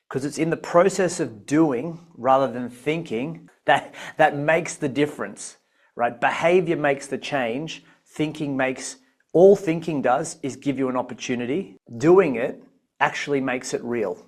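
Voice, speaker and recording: An energetic man running a live online coaching class. His voice sits at a middle pitch. He talks in an encouraging coaching manner and often repeats his main points. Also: normal speed. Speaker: business coach.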